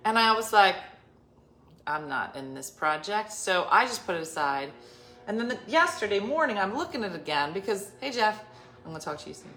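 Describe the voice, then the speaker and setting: This middle-aged woman vlogger has a medium-pitched voice and a brisk pace, with faint music playing behind her. She rambles through a personal story for viewers, acting out conversations in shifting voices and dropping into whispers, chatty and animated throughout. The room echoes, and there's faint background noise.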